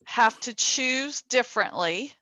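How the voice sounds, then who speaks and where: A woman's voice: a little high, lively intonation, slow, pushed and bright, dry recording. A woman interviewing a guest, affirming her and summing up her points.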